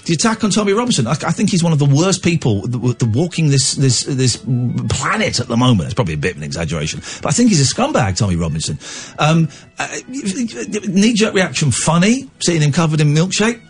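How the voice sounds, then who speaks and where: Animated radio host, husky voice. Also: male voice, a little high, fairly quick, soft background music. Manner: thinking aloud, stumbling restarts. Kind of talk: casual radio talk.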